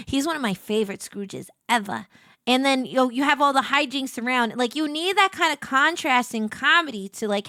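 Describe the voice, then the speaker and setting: A woman's voice: high voice, no room sound, clean studio sound. A woman streamer chatting casually with her viewers while gaming, bubbly and chatty, greeting people and humming along. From Puerto Rican heritage. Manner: bubbly, greets chat viewers warmly, hums along to music.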